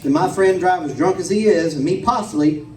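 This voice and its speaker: A man doing a calm, earnest buddy. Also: sits high, brisk, close to an everyday voice. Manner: calm, earnest, matter-of-fact. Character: calm earnest young man, a sober friend. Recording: echoey pub room, distant mic.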